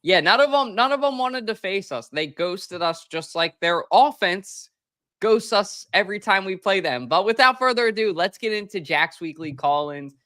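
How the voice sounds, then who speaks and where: A man hosting a sports podcast, brash and profane, swinging between loud bursts and low asides. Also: animated, normal speed. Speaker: podcast host. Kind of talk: hyped sports podcast chat.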